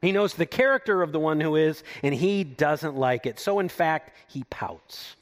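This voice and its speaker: A man preaching a sermon, reading scripture aloud and explaining it, swinging from loud emphatic lines to hushed low asides. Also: animated, normal speed. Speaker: pastor.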